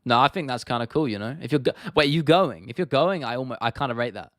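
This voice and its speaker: A man's voice: mid-range voice, lively intonation, fast talker, a bit bright, dry recording, studio quality. A young man in his twenties hosting a casual livestream Q&A, laid-back and sweary, often laughing. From United Kingdom. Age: 20s. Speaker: livestream host.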